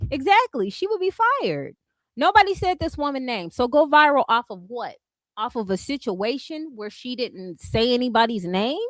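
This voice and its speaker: Sassy high-voiced woman host. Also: dry recording. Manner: sassy, animated, laughs often, mimics others in quotes. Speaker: commentary channel host. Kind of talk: casual reaction commentary.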